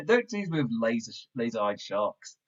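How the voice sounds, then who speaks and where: Excitable man on muffled backup audio. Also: medium pitch, moderate pace, breathy edge. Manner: excitable and rambling, laughs often. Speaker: wrestling podcast host. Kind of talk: casual show review.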